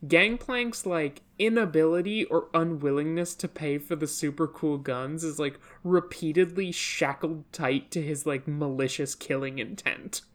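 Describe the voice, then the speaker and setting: A woman's voice: sits low, a little slow, hardly any pauses. A woman in her late twenties, co-hosting a casual podcast, sarcastic and full of "like" fillers and swearing. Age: 20s. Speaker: podcast co-host.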